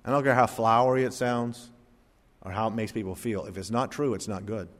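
A man preaching a sermon as pastor, swinging between sudden loud emphatic rises and soft, low drops. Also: fairly even intonation, brisk. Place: church sanctuary. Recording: long hall reverb.

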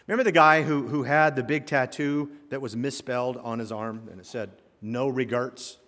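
A male pastor preaching a sermon, swinging from quiet asides to loud, rising exhortation. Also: mid-range voice, a little fast. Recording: long hall reverb.

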